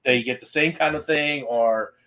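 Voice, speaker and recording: A man hosting a podcast in casual chat, animated and acting out his reactions. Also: mid-range voice, moderate pace. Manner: animated, acts out yelling at his phone. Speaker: podcast host.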